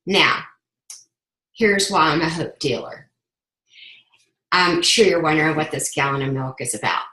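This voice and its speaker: A woman's voice: low voice, expressive, measured pace, pushed and bright. Earnest woman, echoey room. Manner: earnest, impassioned, repeats phrases for emphasis. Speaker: sales ambassador giving a testimonial. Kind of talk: emotional personal testimony speech.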